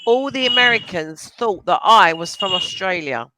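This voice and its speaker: A woman's voice: medium pitch, lively intonation, normal speed, noisy background. A woman with a London accent chatting as an online English tutor, asking lots of questions over a video call. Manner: chatty and encouraging, asks many questions. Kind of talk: casual conversation lesson.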